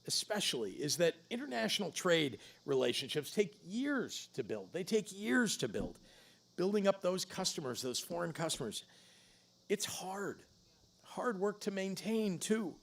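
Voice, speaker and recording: A middle-aged man giving a political stump speech at a campaign event, emphatic, rising to loud punches and dropping low for grave points. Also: vocal fry.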